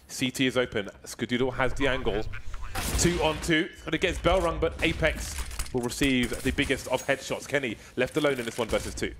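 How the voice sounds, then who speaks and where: Male caster, mid pitch, jokey and bantering, hype on big moments, faint hiss. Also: fairly quick, fairly bright tone. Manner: jokey, playful banter, hyped on big plays. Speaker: esports commentator. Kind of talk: live color commentary.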